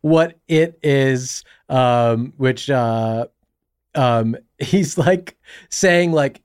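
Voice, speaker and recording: A man hosting a podcast in casual chat, animated and quick to act out movie scenes in little impressions. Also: mid-range voice, clear, resonant tone. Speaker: podcast host.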